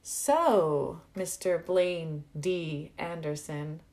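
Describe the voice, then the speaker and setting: A woman voicing a poised, quick-witted young male college student who teases and gets a little defensive, in a read-aloud story. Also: sits low, a little mellow, heavily acted. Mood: playful.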